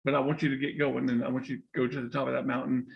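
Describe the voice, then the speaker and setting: A man's voice: mid-range voice, little pitch movement, racing, vocal fry, lo-fi sound, close to an everyday voice. A man doing a stern commanding chief. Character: stern old tribal chief, commanding father.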